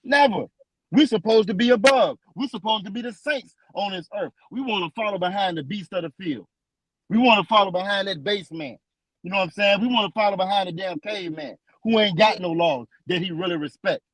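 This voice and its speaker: A man teaching from scripture in a preaching style, emphatic and repetitive, slowing down to read verses aloud. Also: sits high, a bit bright, dry recording, poor audio. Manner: emphatic and repetitive, restates lines for stress; slows down when reading verses aloud.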